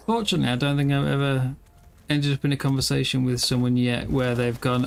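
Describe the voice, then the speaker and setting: A tired man in his thirties rambles through a live game stream, tossing self-deprecating asides to his chat. His voice sits at an ordinary middle pitch for a man, relaxed and unpolished. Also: brisk, gravelly, slight background noise. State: tired, yawning. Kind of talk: casual live-stream chat while gaming.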